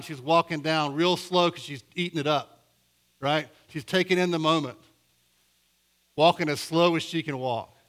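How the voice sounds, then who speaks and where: A middle-aged male pastor preaching a sermon, telling a story with a voice that goes from hushed and low to loud and emphatic. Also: steady tone, brisk.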